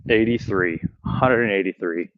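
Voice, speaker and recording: Low-voiced man live-streaming axe throws. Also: normal speed, lo-fi sound. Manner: counts throws aloud, swears, talks to chat. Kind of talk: live-stream commentary while throwing axes. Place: backyard outdoors.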